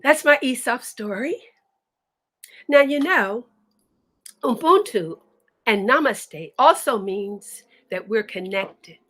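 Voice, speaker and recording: A woman storyteller telling folktales in a dramatic, expressive way, talking directly to her listeners. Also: a little high, takes it slowly, long pauses.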